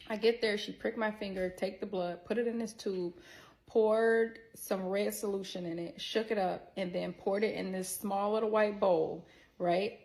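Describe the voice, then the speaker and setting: A woman tells a personal story to her viewers in a chatty, expressive way. Her voice carries a gravelly vocal fry and sits at a middle pitch. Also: normal speed. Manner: works in healthcare. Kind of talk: casual story-time monologue.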